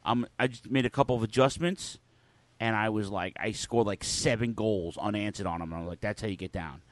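A man's voice: lowish voice, brisk, no echo. Profane, rambling podcast host man. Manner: profane, loose storytelling with lots of cursing. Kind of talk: casual chat.

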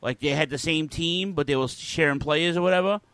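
A man's voice: a little high, a little fast, a bit bright, clean tone, no room sound. A man in his forties hosting a podcast, telling loose stories in casual chat and swearing constantly. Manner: profane, loose storytelling with lots of cursing. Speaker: podcast host.

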